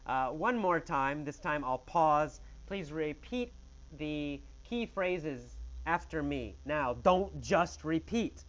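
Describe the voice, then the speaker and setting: Slow, emphatic man teaching English. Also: a little high, expressive, a bit bright, dull audio. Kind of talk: question-and-answer story lesson.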